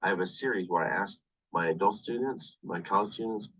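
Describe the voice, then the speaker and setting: A man teaching a university English class over a video call, explaining slowly and repeating "of course" often. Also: sits low, a bit bright, breathy edge, distant mic, poor audio. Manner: repetitive, explains slowly with many "of course" asides. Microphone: computer webcam mic on video call.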